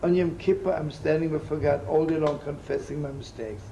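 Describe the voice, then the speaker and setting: Older male rabbi, gravelly, lively storyteller, slips in Yiddish and Hebrew words. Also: fairly high pitch, a little fast, a little hiss or hum, rough recording. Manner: animated, chatty, sprinkled with Yiddish and Hebrew terms. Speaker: rabbi teaching. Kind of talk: storytelling sermon with jokes.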